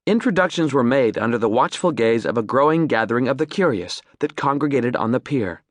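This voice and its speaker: A man reading an audiobook as narrator, in measured, descriptive storytelling. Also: mid-range voice, animated, no echo, studio quality. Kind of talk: scripted narration.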